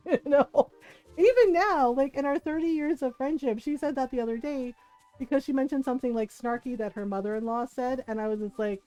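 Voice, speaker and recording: A middle-aged woman streamer tells a personal story in a casual, animated way. Her voice sits high, and she laughs often as she plays out the other people's lines. Faint game music plays underneath. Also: normal speed, low-quality recording. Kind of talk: casual storytelling while gaming.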